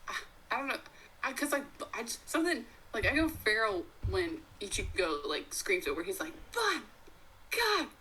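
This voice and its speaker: A woman's voice: mid-range voice, big pitch swings, brisk, pushed and bright, a little hiss or hum, low-quality recording. A young woman in her twenties co-hosting a podcast, chatting casually with lots of fillers and giggles. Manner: giggly, filler-heavy fan talk. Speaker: podcast co-host. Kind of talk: casual chat.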